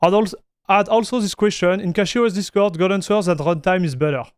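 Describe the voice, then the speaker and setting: A man's voice: high-pitched, fairly quick, clean tone, no room sound. A young man from the south of France with a French accent, casually chatting with viewers on a live stream. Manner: casual, addresses viewers as buddy and dude.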